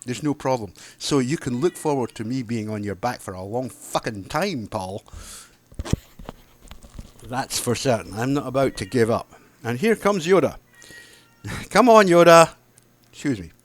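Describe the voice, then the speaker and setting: A man's voice: mid-range voice, expressive, measured pace, pauses often. Angry man ranting. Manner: heated, sarcastic, swears freely. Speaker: video blogger. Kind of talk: angry ranting monologue to camera.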